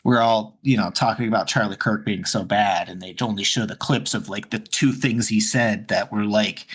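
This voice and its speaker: Husky man rambling in casual chat. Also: fairly low pitch, fairly even intonation, moderate pace. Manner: rambling, many fillers and restarts. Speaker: podcast co-host.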